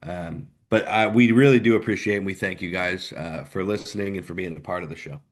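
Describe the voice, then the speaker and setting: A man co-hosting a live sports podcast, ranting with sudden swings between loud outbursts and low mutters. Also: a little fast. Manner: ranting, animated, jumps between loud and quiet. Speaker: podcast co-host. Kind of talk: live postgame sports chat.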